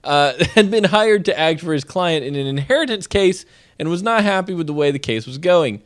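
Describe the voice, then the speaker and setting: A man co-hosts a casual stream show with a slightly high voice. His delivery is lively, with pitch swinging widely as he reads odd news and chats. He laughs often mid-sentence. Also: a little fast. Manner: laughs often while reading, animated. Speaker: co-host.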